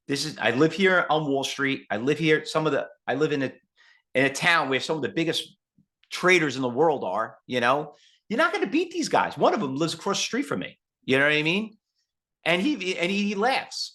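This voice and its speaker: A man teaching a live trading webinar, talking in an animated, rambling way and slipping into quotes along the way. His voice sits a little high for a man and has a bright, forceful edge. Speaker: trading educator.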